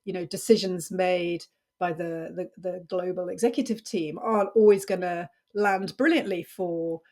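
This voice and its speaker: A woman's voice: on the low side, fairly even intonation, moderate pace, mellow. A woman hosting an interview podcast, affirming her guest and recounting a conversation. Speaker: podcast host. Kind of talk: interview chat.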